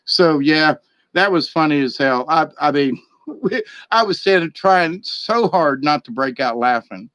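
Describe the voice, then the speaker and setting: A man's voice: fairly high pitch, animated, a little slow, a bit bright, no room sound. A man telling a story in a casual, rambling way, chuckling and repeating words as he goes. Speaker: vlogger.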